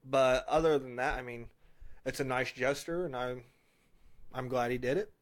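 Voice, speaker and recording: A man's voice: medium pitch, normal speed. Jokey young man telling a story. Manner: relaxed storyteller, jokey, acts out what he said. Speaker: podcast guest. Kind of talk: casual chat.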